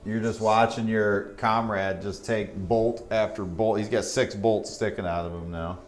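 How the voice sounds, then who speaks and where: Low-voiced male game master. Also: steady tone, unhurried, soft background music. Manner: matter-of-fact rules talk. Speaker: dungeon master. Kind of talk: running a tabletop game.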